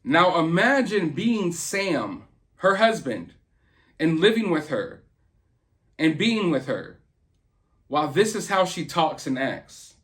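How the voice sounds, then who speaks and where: High-pitched guy ranting casually, earnest and opinionated, kinda rambly. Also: sing-song, takes it slowly, pauses often, a bit bright. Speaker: host. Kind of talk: casual commentary.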